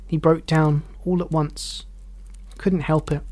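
A narrator reading a classic novel aloud with measured, expressive delivery and dramatic pauses. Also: medium pitch.

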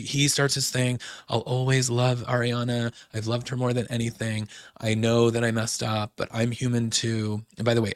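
A man's voice: medium pitch, no echo, studio quality. A young man hosting a casual recap, chatty and opinionated, acting out quotes with lots of "like". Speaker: podcast host recapping a reality show.

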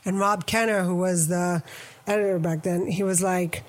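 A middle-aged woman from New York with a lowish voice talks at a normal pace as a photographer guest in a casual interview. She tells her stories animatedly, performing the voices she quotes.

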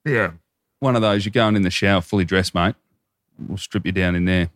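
An Australian man in his thirties tells rambling, swear-filled stories in easy podcast chat. His voice sits low and comes across dry and close, with no room sound around it. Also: a little fast, no echo. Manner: profane, rambling anecdotes. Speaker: podcast co-host. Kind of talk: casual chat.

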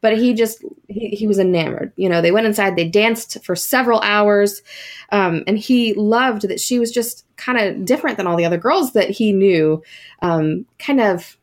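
A woman's voice: medium pitch, normal speed. A woman hosting a podcast, telling a ghost story in a casual, chatty way with many fillers and asides. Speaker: podcast host.

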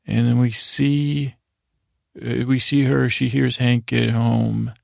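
A man with a deeply gravelly, fry-heavy voice that barely rises or falls, drifting through a bedtime recap of a show. His talk meanders at an unhurried, low-key pace, recorded close and dry with no room sound. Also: flat delivery, a little mellow, no echo. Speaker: sleep podcast host. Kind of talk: rambling bedtime episode recap.

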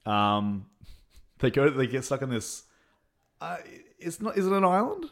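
A man's voice: mid-range voice, sing-song, a bit bright. A man co-hosting a casual film-review chat, rambling with many halts and frequent laughs. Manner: rambling, halting, laughs a lot. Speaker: podcast co-host reviewing films.

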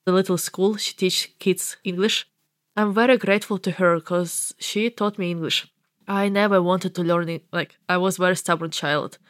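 A woman's voice: fairly low pitch, moderate pace, no room sound, clean studio sound. Ukrainian-accented woman telling her story. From eastern Ukraine. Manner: earnest, lively, non-native English grammar. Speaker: interviewee. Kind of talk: personal storytelling.

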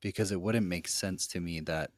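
A podcast host with a very low voice asks rambling, searching questions, working the ideas out aloud. The sound is dry and close. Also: moderate pace, no echo. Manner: searching, thinks aloud while asking. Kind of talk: podcast interview.

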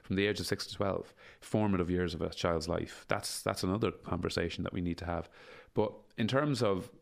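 A man's voice: low voice, fairly quick, creaky. A man in his forties, talking emphatically as an interview guest, repeating himself and swearing freely. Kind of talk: casual conversational interview.

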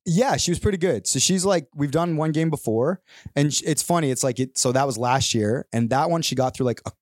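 A man co-hosting a podcast, telling stories in a casual, animated way and acting out the people in them. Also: on the high side, a little fast, no room sound, studio quality. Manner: animated storyteller who acts out the people in his stories. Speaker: podcast co-host. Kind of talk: casual chat.

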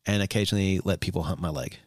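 A man's voice: low voice, rapid-fire, dry recording, clean studio sound. An American man co-hosting a podcast, joking playfully and stumbling over fillers. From United States. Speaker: podcast co-host. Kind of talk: casual podcast chat.

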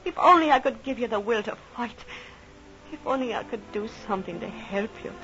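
A woman's voice: a little high, expressive, fairly quick, music in the background, natural voice. Actress as a jealous, devoted tavern girl; old radio play, muffled recording. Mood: tender. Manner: fierce, jealous, emotional. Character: devoted young woman Kitty, tavern girl. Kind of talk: old radio drama acting.

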